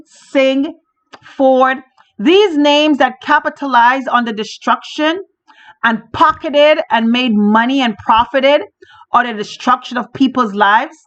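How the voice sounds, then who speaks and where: A woman's voice: high-pitched, fairly bright tone. A woman hosting a podcast, delivering a fiery political monologue from Canada, emphatic and repetitive as she rallies listeners. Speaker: podcast host. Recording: dull lo-fi audio.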